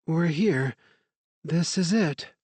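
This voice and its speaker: A man voicing a strong-willed young woman who speaks in a brisk, guarded way. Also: a little high, expressive, darkish tone, breathy edge, no echo, pitched above the performer's own voice, exaggerated voice.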